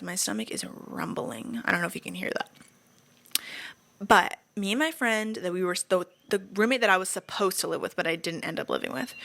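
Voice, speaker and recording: Chatty young woman podcast host. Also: medium pitch. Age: young adult. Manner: chatty, animated, swears freely; acts out quoted lines with voices. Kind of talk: casual storytelling chat.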